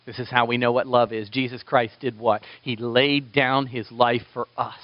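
A man preaching a sermon, swinging between loud emphatic lines and quiet asides, with playful remarks to his listeners. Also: mid-range voice, normal speed, dry recording, lo-fi sound. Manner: animated preaching with sudden loud and soft turns, playful asides to the congregation. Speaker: pastor.

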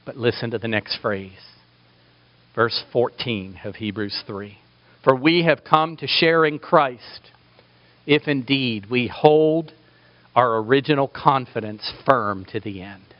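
A man's voice: mid-range voice, takes it slowly, no room sound, lo-fi sound. A man preaching a sermon with passion, building to emphatic peaks. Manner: impassioned, rising to emphatic peaks.

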